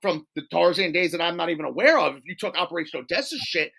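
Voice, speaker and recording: A man guesting on a talk show, telling stories in a casual, animated way, swearing, laughing and acting out quotes. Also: on the high side, fast talker, gravelly, slightly rough. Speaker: podcast guest. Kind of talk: casual storytelling interview.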